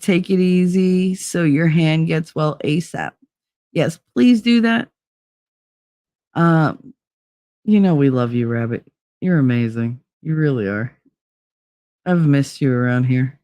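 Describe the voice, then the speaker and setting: A woman hosting a livestream, chatting casually with her viewers, animated, swearing freely and laughing often. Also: low-pitched, no echo, clean studio sound. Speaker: livestream host.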